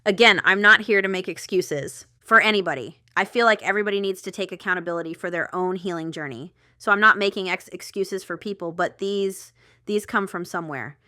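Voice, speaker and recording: A woman's voice: mid-range voice, a little fast, sharp tone, no echo, clean studio sound. A woman giving a casual tarot reading to camera, chatty and rambling, with asides and stifled laughter. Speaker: tarot reader.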